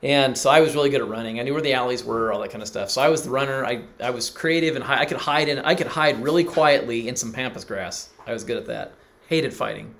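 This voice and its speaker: A man's voice: medium pitch, fast talker, hardly any pauses, a bit bright. A middle-aged man preaching, telling a personal story and acting out the people he quotes. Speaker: pastor. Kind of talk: sermon.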